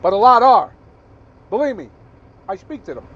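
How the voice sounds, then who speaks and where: A man's voice: high voice, very animated, normal speed, pauses often, a bit bright, lo-fi sound. A man giving an emphatic, repetitive political rant as a vlogger, swearing now and then and stumbling over his numbers.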